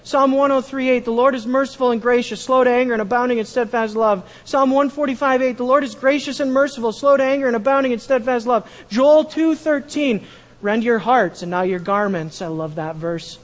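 A pastor preaching a sermon, repeating key phrases and swinging from loud emphasis to a hushed tone. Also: male voice, very high voice, brisk, hardly any pauses, in a large hall.

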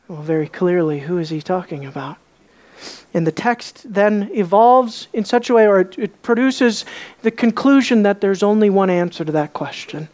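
A woman preaching from the pulpit in an expressive, animated way. She asks her listeners one rhetorical question after another, and she dwells on single words by repeating them. Her delivery dips into quiet emphasis and climbs into eager excitement, all at a mid pitch. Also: brisk. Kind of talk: sermon.

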